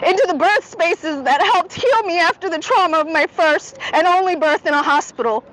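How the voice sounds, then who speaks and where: A woman's voice: extremely high pitch, expressive, moderate pace, fairly bright tone, poor audio. A woman reading a prepared speech aloud to a gathering, nervous and shaky, close to tears and stumbling over words. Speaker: speaker at a public gathering.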